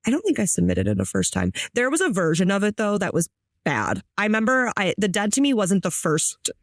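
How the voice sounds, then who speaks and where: Woman, 30s, podcast co-host, mid-range voice, dry close mic, lively casual storyteller. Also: medium pitch, brisk, no echo.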